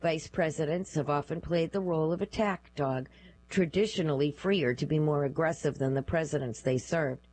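Low-voiced woman reading a news article. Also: slight background noise, rough recording. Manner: measured, even read-aloud delivery. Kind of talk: scripted narration of a news article.

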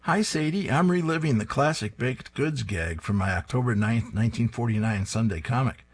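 A man's voice: mid-range voice, lively intonation, moderate pace, husky. A man reading aloud and voicing a lonely 1940s comic-strip man who pleads earnestly and rambles. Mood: pleading.

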